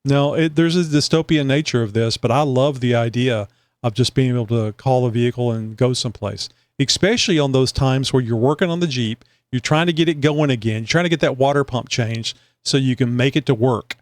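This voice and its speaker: Man, podcast host, casual rambling chat, mid pitch, dry close sound. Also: a little fast, no echo. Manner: rambling, chatty, many fillers.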